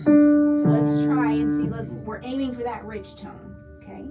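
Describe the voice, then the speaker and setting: Woman, voice teacher, patient explaining, frequent "like" fillers, short sung vowel demos, distant mic, loud piano in background. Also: a little high, sing-song, a little slow. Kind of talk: one-on-one singing lesson.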